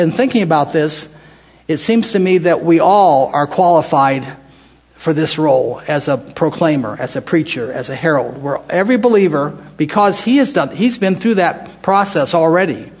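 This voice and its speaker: A slightly high-pitched older American man talks at a normal speed while giving casual Bible teaching to a group. His style is conversational, with restarted phrases and questions directed at the group.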